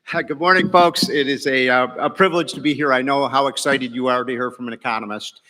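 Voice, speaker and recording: Keynote: middle-aged male economist, bright forceful voice, folksy joking delivery, big reverberant hall. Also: medium pitch, fairly even intonation, fast, a little hiss or hum. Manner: folksy, joking, many fillers and restarts. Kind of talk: after-breakfast speech with jokes. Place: large banquet hall.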